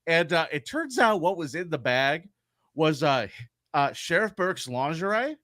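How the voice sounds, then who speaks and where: A man co-hosting a podcast, telling a true-crime story in an animated, profane way. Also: on the high side, unhurried, no echo, clean studio sound. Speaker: podcast co-host.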